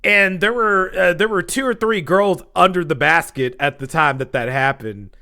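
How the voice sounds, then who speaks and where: A man's voice: high-pitched, normal speed, vocal fry. A man telling a casual story on his vlog in a dramatic way, full of slang and sound effects. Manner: animated, dramatic, acts out scenes and sound effects; casual slangy speech with lots of fillers. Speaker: storytelling vlogger.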